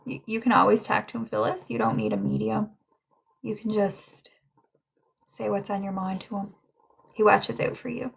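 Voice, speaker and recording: A young woman giving a casual livestream psychic reading, chatty and gentle as she relays messages. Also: medium pitch, little pitch movement, normal speed, vocal fry, long pauses, husky. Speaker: psychic medium.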